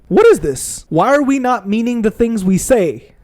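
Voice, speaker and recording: A man's voice: high voice, sing-song, fairly quick, darkish tone. A young man venting heatedly, with plenty of swearing, while playing a video game. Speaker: gaming video creator.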